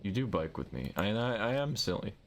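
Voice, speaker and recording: A man live-streaming a survival game, chatting excitably and playfully and making silly sound-effect noises. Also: on the low side, a little fast.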